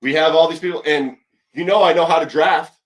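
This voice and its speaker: A man's voice: a little high, brisk. A man co-hosting a casual sports podcast, joking with a mock-serious delivery. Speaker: podcast co-host. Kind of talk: casual chat.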